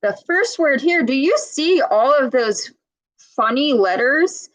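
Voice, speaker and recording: A woman reading a children's picture book aloud, pausing to point out words and ask young listeners questions in a clear, teacherly way. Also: high voice, lively intonation, fairly bright tone, poor audio.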